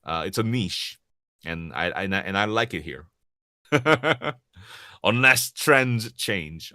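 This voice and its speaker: A man from Korea with a Korean accent, whose first language is Korean, answering audience questions as a voice actor in a casual Q&A, lively and chuckling often as he restarts and repeats words. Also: fairly low pitch, no echo, studio quality. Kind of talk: casual livestream Q&A.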